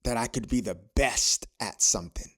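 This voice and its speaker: A man's voice: medium pitch, moderate pace, a bit bright, breathy edge. A man hosting a podcast, speaking in a preachy, motivational way and repeating phrases for emphasis. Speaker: podcast host.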